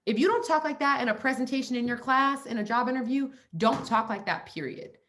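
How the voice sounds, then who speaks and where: A woman's voice: sits high, lively intonation, a little fast, fairly bright tone, slight background noise. A young adult woman, a podcast guest, talking emphatically in casual conversation and acting out the people she quotes.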